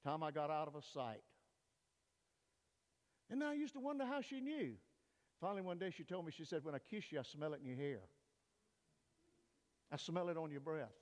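An older man, a pastor, preaching an emphatic sermon in a church, swinging between loud peaks and hushed asides. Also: fairly high pitch, expressive, normal speed, long pauses. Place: church sanctuary. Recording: long reverb of a church hall.

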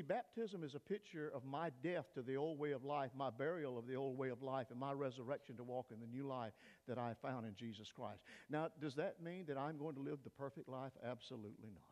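An older man, a pastor, preaching an emphatic sermon in a church, swinging between loud peaks and hushed asides. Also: mid-range voice. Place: church sanctuary. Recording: long reverb of a church hall.

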